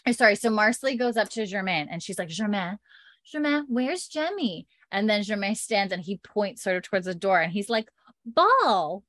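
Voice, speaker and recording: A woman's voice: medium pitch, fairly even intonation, fast talker, hardly any pauses, fairly bright tone, no echo. A woman in casual chat, animatedly retelling scenes from a show and acting out the characters' lines, with plenty of fillers. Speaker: podcast co-host recapping a TV episode.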